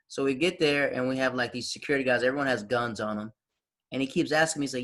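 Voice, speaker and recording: A man in his thirties, originally from the Southern United States, chatting casually on a podcast. His voice is bright and forceful. He tells stories with animation and acts out what people said. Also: medium pitch, rapid-fire. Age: 30s. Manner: animated, acts out quotes, frequent restarts. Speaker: podcast host. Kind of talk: casual storytelling chat.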